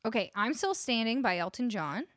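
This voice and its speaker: Between songs on her home livestream, a Canadian woman who plays music chats with viewers and coos at her dog, close to a studio vocal mic. She sounds a little high and expressive at normal speed, with a fairly bright tone in a dry recording.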